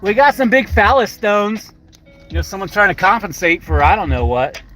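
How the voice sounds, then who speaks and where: A man's voice: sits high, normal speed, a bit bright, soft background music, low-quality recording. An older man rambling in a casual live-stream chat while driving, swearing freely and talking to his viewers by name.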